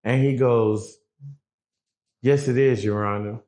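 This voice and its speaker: A man's voice: medium pitch, steady tone, takes it slowly, dark tone. A middle-aged man, a guest, telling a prison story in casual, profane street talk, acting out the people he quotes.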